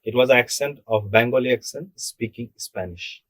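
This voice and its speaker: His voice is mid-range and a bit bright, at a moderate pace, with a little hiss or hum in the recording. The young Bangladeshi co-host keeps the podcast discussion casual yet emphatic, asking rhetorical questions and supplying the answers.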